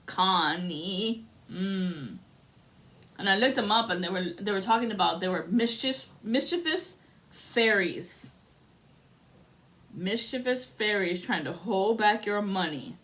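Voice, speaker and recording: A woman doing a casual tarot reading, telling a story in a rambling, excitable way and swearing often. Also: mid-range voice, measured pace. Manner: rambling and profane. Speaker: tarot reader.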